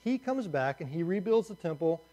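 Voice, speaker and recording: A man gives a lively, jokey lecture in a slightly high voice, throwing in asides as he walks his listeners through a map. He tells it like a story. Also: moderate pace, highs cut off. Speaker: teacher. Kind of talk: Bible survey lecture.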